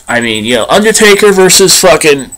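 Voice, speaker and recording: A man's voice: fairly high pitch, big pitch swings, fairly quick, a bit bright. A man ranting bluntly and profanely as a vlogger. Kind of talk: ranting commentary.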